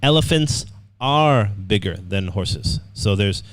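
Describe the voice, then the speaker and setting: A man's voice: lowish voice, animated, takes it slowly, no echo. Upbeat man teaching an online class. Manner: upbeat, repeats words, checks in with "okay". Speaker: English writing teacher.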